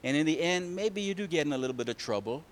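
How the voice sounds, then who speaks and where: A man telling a picture-book story to children, pausing to ask them questions. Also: a little high. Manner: animated, asks the children questions.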